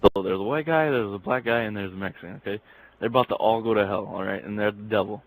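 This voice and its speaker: A man's voice: lowish voice, fast talker, poor audio. A young man casually telling crude jokes, rambling and laughing at his own punchlines. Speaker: joke teller.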